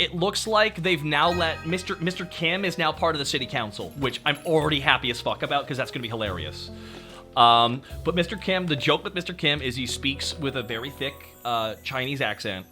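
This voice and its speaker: A man streaming, chatting casually and excitedly, swearing freely as he reacts. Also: mid-range voice.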